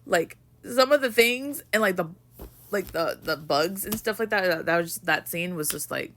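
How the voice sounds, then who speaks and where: A woman's voice: on the low side, expressive, moderate pace, a bit bright. A young woman ranting emotionally about a book in a casual vlog, swearing and rambling with lots of "like". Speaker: book vlogger.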